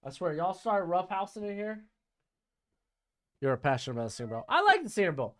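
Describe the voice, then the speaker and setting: A man's voice: high voice, very animated, brisk. Chatty male draft streamer. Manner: chatty, reads chat questions aloud. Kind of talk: casual live-stream commentary.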